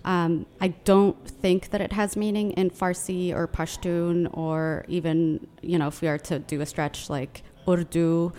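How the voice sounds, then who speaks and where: A woman hosting a podcast, explaining in a lively casual chat with frequent restarts. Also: lowish voice, unhurried, few pauses. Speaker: podcast host.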